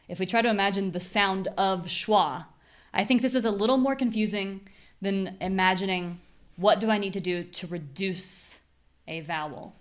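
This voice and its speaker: A young American woman teaching a live online pronunciation class, clearly drilling syllables and explaining word stress. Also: medium pitch. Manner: clear, demonstrative, repeats syllables slowly for drills.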